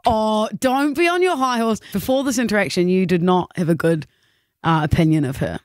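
A woman co-hosting a drive-time radio show, telling stories in an animated, mock-indignant way. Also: medium pitch, fairly quick, dry recording, studio quality. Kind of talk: casual banter.

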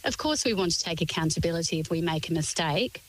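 A woman's voice: lowish voice, expressive, fast, low-quality recording. A woman, a guest expert on a radio interview, explaining points in a composed, articulate way, often in lists.

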